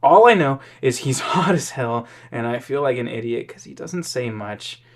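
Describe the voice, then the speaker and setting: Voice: mid-range voice, lively intonation. A tipsy podcast co-host who reads posts aloud and teases their partner with dry remarks. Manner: slow, drawn-out reading, dry teasing. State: tipsy from drinking. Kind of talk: casual reading and banter.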